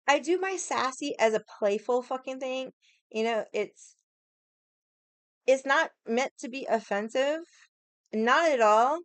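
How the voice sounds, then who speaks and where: A woman's voice: sits high, clean tone, dry recording. A young woman hosting a casual livestream, ranting in a sassy, profane, rambling way and greeting viewers. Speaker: livestream host.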